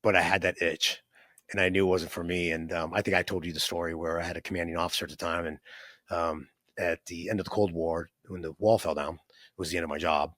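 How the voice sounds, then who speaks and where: His voice sits low and a bit bright, with little pitch movement, and he's a fast talker. The studio-quality recording has no room sound. This man in his fifties, an entrepreneur guest, rambles through his life story with frequent fillers, restarts, and tag questions like "right?"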